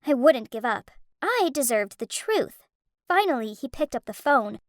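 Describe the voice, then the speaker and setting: A woman tells a first-person animated story with strong emotion. Her voice is high and swings widely in pitch. The recording is dry and close, with no room sound. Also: measured pace, no echo. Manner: emotional, dramatic. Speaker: narrator.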